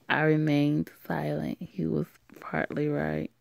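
A young woman narrating a first-person story in a casual, deadpan way, with swearing. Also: sits low, unhurried, creaky, no echo, muffled recording. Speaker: narrator and voice actor.

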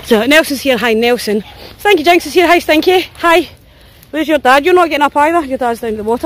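Tired, high-voiced Scottish woman. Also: animated, brisk, fairly bright tone, slight background noise. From Scotland. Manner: chatty, swearing, voicing her dogs' thoughts. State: tired and sore. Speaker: dog walker vlogger. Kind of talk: casual walking vlog. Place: outdoors in woods on a walk.

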